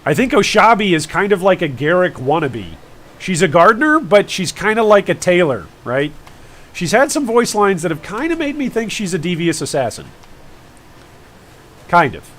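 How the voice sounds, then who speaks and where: A man's voice: high voice, big pitch swings, moderate pace, a bit bright. A man streaming a game live, chatting casually and rambling with jokey asides to his viewers. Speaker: gaming streamer.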